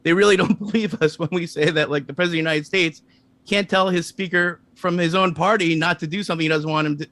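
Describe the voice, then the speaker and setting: A man answering interview questions in a calm, explanatory, matter-of-fact way. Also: on the high side, fast, dry recording. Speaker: interview guest.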